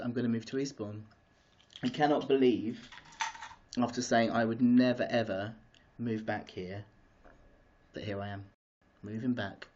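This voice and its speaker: A man hosting a live stream, chatting excitedly with viewers and drifting off topic. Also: lowish voice. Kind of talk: casual live-stream chat. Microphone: streaming device mic. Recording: dull lo-fi live-stream audio.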